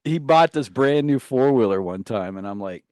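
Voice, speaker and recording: A man, co-hosting a radio show, tells a rambling, profane story and acts out his yelling relatives. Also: mid-range voice, animated, normal speed, no room sound, clean studio sound. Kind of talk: casual storytelling banter. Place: radio studio.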